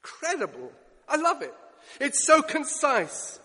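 Emphatic preacher in a reverberant hall. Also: male voice, very high-pitched, wildly swooping pitch, a little slow. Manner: emphatic, swinging between loud declarations and hushed asides. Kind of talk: sermon. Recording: long reverb of a church hall.

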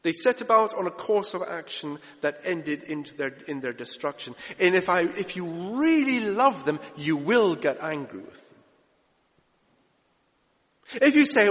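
A man preaching a sermon, emphatic, moving between loud urgent lines and hushed ones. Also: high-pitched, big pitch swings, unhurried. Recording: reverberant hall.

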